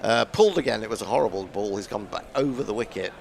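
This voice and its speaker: A man's voice: on the low side, lively intonation, fast, gravelly, a little hiss or hum. A man doing ball-by-ball cricket commentary, chatting and musing aloud as he calls the play.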